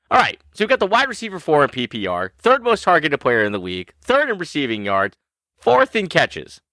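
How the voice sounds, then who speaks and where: A man's voice: a little high, sharp tone, dry recording. A man co-hosting a fantasy football podcast, boasting and trash-talking in playful banter. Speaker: podcast co-host.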